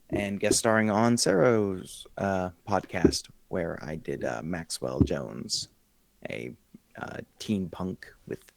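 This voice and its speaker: A man introducing himself as a tabletop player, halting with lots of ums and a dry sense of humor. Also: sits low, vocal fry, no room sound. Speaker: player and podcaster. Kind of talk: casual chat over an online call.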